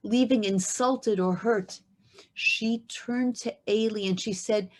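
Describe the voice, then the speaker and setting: A woman's voice: medium pitch, fairly even intonation, slow. A woman giving an inspirational Torah lesson, telling a scripture story with emphatic rhetorical questions. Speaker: speaker at a women's learning event.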